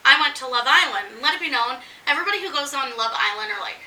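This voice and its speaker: A woman's voice: high voice, quick pace, recorded from a distance. A woman chatting casually and telling a long story, acting out what people said. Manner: animated storyteller acting out quotes. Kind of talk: casual chat. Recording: echoey room, voice off-mic.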